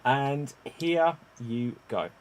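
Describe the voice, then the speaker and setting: A man hosting an online improv comedy show, animated and given to loud exclamations. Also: medium pitch, drawn-out words. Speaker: improv game host.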